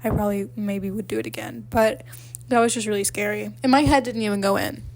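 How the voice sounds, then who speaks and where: A woman's voice: medium pitch, fairly even intonation, fast talker, a little mellow. A young woman co-hosting a podcast, telling a long rambling story in casual chat, full of fillers and laughter. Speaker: podcast co-host.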